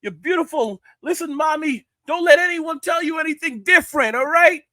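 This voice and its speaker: A man voicing a brash male street catcaller with a New York accent, calling out loudly. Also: extremely high pitch, moderate pace, dry recording, studio quality, pitched above the performer's own voice, heavily acted. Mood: hollering. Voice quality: loud, brash.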